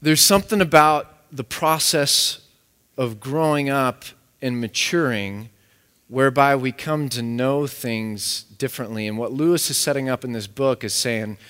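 A man's voice: mid-range voice, a little slow, fairly bright tone, clear, resonant tone. A man preaching a sermon in an earnest, searching way, often restarting his phrases. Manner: earnest, repeats words as he restarts. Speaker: pastor. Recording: echoey hall.

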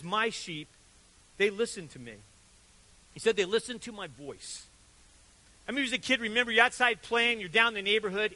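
An older man delivers a sermon with a high, bright and forceful voice. He tells stories with lively turns, switching between loud bursts and soft asides as he acts out what people said. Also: poor audio. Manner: animated storytelling, acts out quotes with sudden loud and soft turns. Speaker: pastor.

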